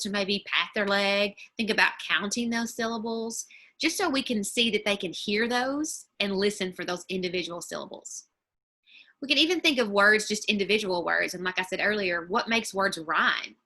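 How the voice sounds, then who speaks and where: A woman teacher talks parents through an online lesson, explaining each idea step by step and slowing right down on the example words. Her voice is bright and clear at a middle pitch, picked up by a computer mic. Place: home or office, screen-shared video.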